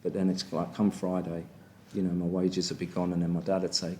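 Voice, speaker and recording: A man's voice: sits low, completely flat delivery, fairly quick, warm tone, slight background noise. An English man in his fifties giving a frank personal share at a recovery meeting, bluntly asking "do you know what I mean" again and again. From England. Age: 50s. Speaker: speaker sharing at a recovery meeting.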